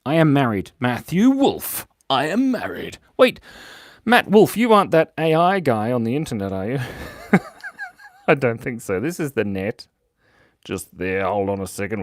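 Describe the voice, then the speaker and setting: A man's voice: medium pitch, big pitch swings, measured pace, no echo, clean studio sound. A man with an Australian accent hosting a live drawing stream for kids, playful and jokey as he reads viewer comments aloud. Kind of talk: casual livestream chat.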